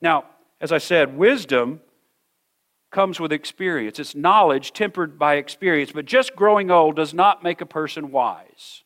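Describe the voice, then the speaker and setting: A middle-aged man preaching a sermon to a congregation in a church hall, earnest, often repeating words and slowing down to stress a point. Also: a little high, fairly bright tone. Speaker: pastor.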